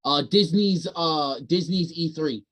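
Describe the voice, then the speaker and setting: A man co-hosting a casual podcast chat, excitable and quick to swear. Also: on the high side. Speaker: podcast co-host.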